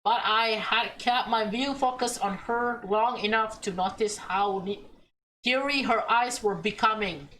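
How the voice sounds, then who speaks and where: A young adult woman streaming a let's play reads a visual novel aloud slowly, reacting with emotion and chatting as she plays. Her voice is fairly high and bright. The recording is low quality, with slight background noise.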